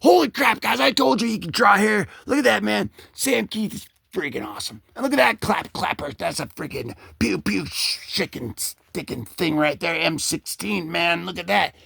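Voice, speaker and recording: Excitable gravelly-voiced man riffing on comics. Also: high voice, moderate pace, few pauses, no echo, studio quality. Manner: excitable, rambling, goofy put-on voices for characters. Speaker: comic book video host. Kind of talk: excited comic page commentary.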